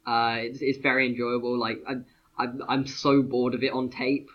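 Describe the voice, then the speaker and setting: A man's voice: mid-range voice, level tone, moderate pace, a bit bright, dull audio. A man co-hosting a casual chat podcast, rambling with lots of fillers and restarts. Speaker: podcast co-host.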